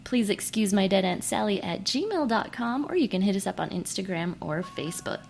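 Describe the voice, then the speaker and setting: A woman's voice: medium pitch, expressive, normal speed, gravelly. A woman hosting a comedic podcast, reading listener mail in a playful, jokey, self-mocking way. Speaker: podcast host.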